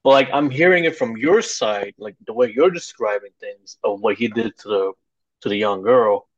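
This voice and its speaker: A young man co-hosting a casual podcast, mostly backing up his partner with quick remarks. His voice comes through a dull, somewhat lo-fi recording. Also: on the low side. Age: young adult. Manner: chimes in with short agreements, laughs along. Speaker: podcast co-host. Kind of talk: casual political chat.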